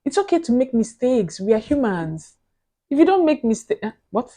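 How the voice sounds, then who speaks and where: A woman talks straight to her camera in a casual motivational vlog. Her voice is mellow and warm. She sounds earnest and animated, and she laughs lightly between her points. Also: on the high side, normal speed. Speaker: motivational vlogger.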